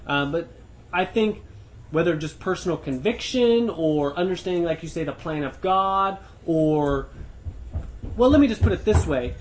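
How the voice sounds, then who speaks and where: Higher-voiced man leading a Bible study. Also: lively intonation. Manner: thoughtful, restarts often, stresses words slowly. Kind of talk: teaching discussion.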